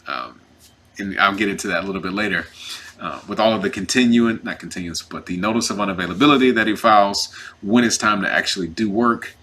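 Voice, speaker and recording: A man who is representing himself in a custody case tells his story in a casual, animated and indignant way, acting out what others said. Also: lowish voice, fast. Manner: emphatic, indignant.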